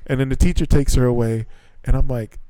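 A man co-hosting a casual podcast chat, an animated storyteller who jumps way up in pitch when acting out quotes. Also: brisk, clear, resonant tone, no echo. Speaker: podcast co-host; English teacher at junior high schools.

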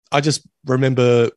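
A man's voice: mid-range voice, darkish tone, no echo. A middle-aged man, chatting casually on a podcast and telling rambling, self-deprecating stories. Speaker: podcast co-host. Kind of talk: casual chat.

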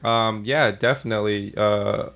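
A man's voice: fairly low pitch, steady tone, a little slow, fairly bright tone. A man chatting as a podcast guest, joking, laughing often and swearing. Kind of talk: casual chat.

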